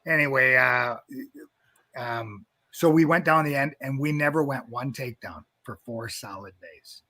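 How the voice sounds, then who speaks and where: Man, middle-aged, wrestling coach, animated storyteller, bright tense voice, dry sound. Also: mid-range voice, a little slow, dry recording. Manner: animated storyteller, acts out quotes, laughs often. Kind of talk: casual storytelling.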